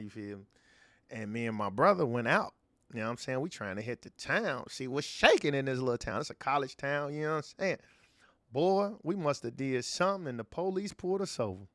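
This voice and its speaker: A man from Chicago co-hosting a podcast, telling stories in a relaxed, slangy way. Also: mid-range voice, dry recording. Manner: relaxed, slangy, acts out quotes. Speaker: podcast co-host. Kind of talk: casual storytelling.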